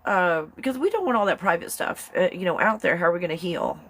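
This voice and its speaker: A woman hosting a casual live-stream show, chatty and excitable, rambling along and laughing often. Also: fairly low pitch, fast talker.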